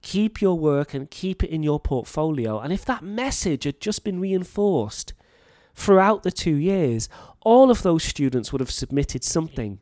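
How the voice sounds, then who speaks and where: Earnest North Welsh man, slightly high voice. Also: darkish tone, no room sound, clean studio sound. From North Wales. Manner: earnest and explanatory. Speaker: teacher. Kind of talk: talk to fellow teachers.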